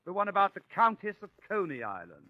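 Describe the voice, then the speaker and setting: A man's voice: high-pitched, very animated, fast, no echo, dull audio. Dry man in old radio comedy. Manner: dry, mock-exasperated. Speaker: guest. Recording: old radio broadcast, loud hiss.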